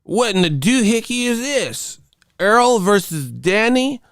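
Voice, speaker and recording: A man voicing a fussy, folksy male boxing critic who whines indignantly in a high, mocking voice. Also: big pitch swings, unhurried, fairly bright tone, no room sound, studio quality, full character voice. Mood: whiny indignant. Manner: high mocking whine with old-timey words.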